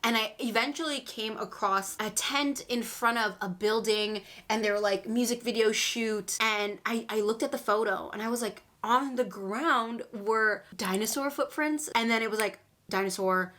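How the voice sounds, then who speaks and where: A woman's voice: a little high, normal speed, hardly any pauses, bright, forceful tone. A woman in her twenties telling embarrassing fan stories in a casual vlog, self-mocking and dramatic, swearing casually. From Canada. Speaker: vlogger.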